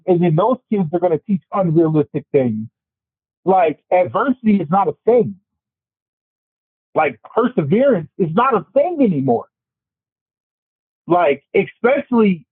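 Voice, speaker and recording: A man on a casual podcast discussion, ranting in an animated, profane way. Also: high voice, husky, dry recording. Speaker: podcast panelist. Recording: tinny phone-like, dry sound.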